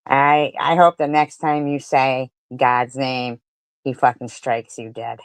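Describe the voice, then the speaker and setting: A woman giving angry live-stream commentary, ranting furiously and profanely, swinging between loud outbursts and low mutters. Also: little pitch movement, slow pace, clean tone, dry recording.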